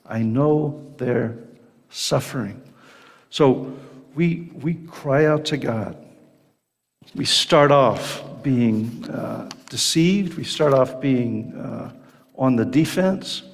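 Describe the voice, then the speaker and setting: A man preaching a sermon, reading scripture aloud between stretches of plain teaching with filler pauses. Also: medium pitch, gravelly, in a large hall.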